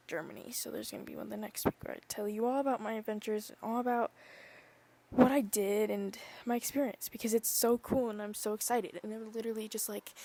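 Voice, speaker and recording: Young woman, casual podcast chat, rambling and filler-heavy, vocal fry, middle pitch. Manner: rambling, full of "like" and "literally", drifting soft. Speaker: podcast host.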